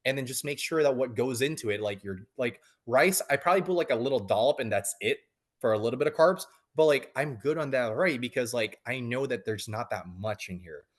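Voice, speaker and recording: A man's voice: mid-range voice, expressive, fairly quick. A man in his thirties, a coaching client, talking casually in an interview with many fillers and restarts.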